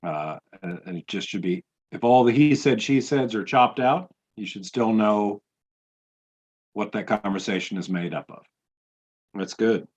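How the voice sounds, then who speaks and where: A man's voice: fairly low pitch, unhurried, a little mellow. Man co-hosting over a dull lo-fi line. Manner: friendly, asks questions, laughs easily. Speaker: podcast co-host. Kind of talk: podcast interview.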